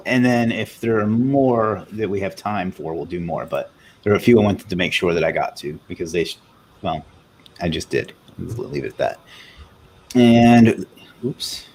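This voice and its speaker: Casual male livestream host, slightly low voice, chatty; light background noise. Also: darkish tone. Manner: reads viewer comments aloud, loose and chatty. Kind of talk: casual live Q&A chat.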